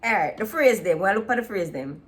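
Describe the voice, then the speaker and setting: A woman with a Jamaican accent hosting a casual video chat, relaxed and laughing often as she slips into patois. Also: mid-range voice, fairly quick, a little hiss or hum. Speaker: vlog host. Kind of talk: casual chat comparing dialects.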